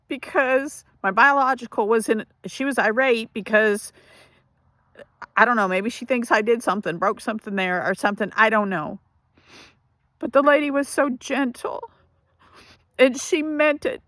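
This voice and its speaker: A woman's voice: a little high, a bit bright, no echo. Dry, close woman telling a painful testimony. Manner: emotional, halting storytelling with restarts. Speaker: ministry speaker. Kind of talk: personal testimony.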